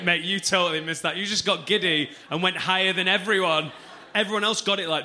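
A man in his thirties, a stand-up comedian doing loud, cheeky, swearing crowd work on a comedy club stage. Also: high-pitched, fairly even intonation, fairly quick. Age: 30s.

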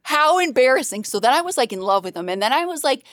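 A bubbly young woman tells a story as a podcast guest, bursting into laughter as she goes. Her voice is high and jumps all over. The sound is close and dry. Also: fast talker, no room sound. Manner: bubbly, excitable, laughs often. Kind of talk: casual storytelling.

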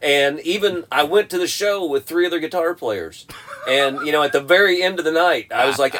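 A man's voice: fairly high pitch, expressive, a little fast, a bit bright, slight background noise. A middle-aged man, co-hosting a podcast, telling stories in a loose, rambling way with plenty of fillers. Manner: rambling storyteller, many fillers and restarts. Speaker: podcast co-host. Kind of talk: casual chat.

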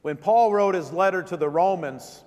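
A man's voice: high voice, normal speed, darkish tone, long reverb tail. A man preaching a sermon as vicar, driving points home with repeated rhetorical questions.

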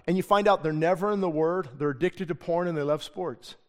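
A man's voice: a little high, a little fast. A middle-aged male pastor preaching a sermon with passion, switching into the voices of the people he quotes. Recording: long hall reverb.

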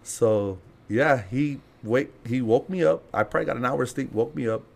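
A man's voice: medium pitch, normal speed, vocal fry. A man telling a story as a podcast guest in casual chat, laughing and swearing as he acts out the people in it. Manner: laughing, profane, acts out quotes.

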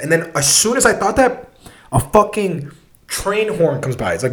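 A man's voice: a little high, sing-song, a little fast, echoey room. A young man telling a long personal story in a casual, rambling way, swearing often and restarting his sentences.

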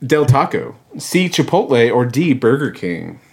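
A man's voice: mid-range voice, big pitch swings, measured pace, creaky, breathy edge. A man hosting a casual podcast quiz game, reading out questions in a playful announcer tone.

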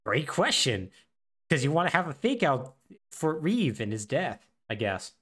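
A man co-hosting a podcast, recapping a game with animated, sarcastic storytelling. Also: a little high, measured pace, husky. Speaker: podcast co-host.

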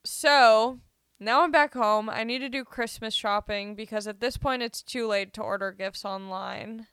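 A woman's voice: on the high side, measured pace, a bit bright, smooth, dry recording, clean studio sound. A woman hosting a casual solo podcast, rambling and joking at her own expense while she has a cold. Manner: rambling, self-deprecating, joking. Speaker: podcast host.

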